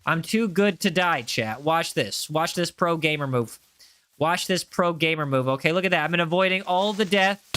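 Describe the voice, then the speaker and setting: A man's voice: on the high side, normal speed, fairly bright tone, clear, resonant tone. A young man streaming a game and chatting with viewers, teasing and joking, often repeating lines for comic effect. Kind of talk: casual live-stream chat while gaming.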